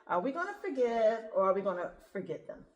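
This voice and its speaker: A woman's voice: mid-range voice, sing-song, fast, echoey room, dull audio. A woman hosting a podcast in casual chat, talking in a chatty way with frequent laughs. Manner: chatty, laughs often, says "you know" a lot. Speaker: podcast host.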